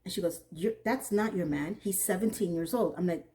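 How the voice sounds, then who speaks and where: A woman giving a casual, animated TV episode recap, often acting out what she thought in an incredulous tone. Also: on the low side, a little fast. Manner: animated, incredulous, acts out characters' lines. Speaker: TV recap reviewer.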